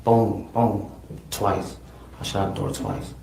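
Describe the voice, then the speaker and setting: A man giving halting courtroom testimony, repeating words and often saying "man". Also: fairly low pitch, level tone, vocal fry, dark tone. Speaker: defendant testifying. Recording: echoey courtroom with noise.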